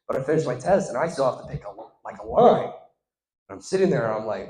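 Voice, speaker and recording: A man telling a stand-up comedy story to a live audience, swinging from loud crowd-work to hushed asides. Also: medium pitch, big pitch swings, a little fast. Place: stage in front of a live audience. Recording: echoey room.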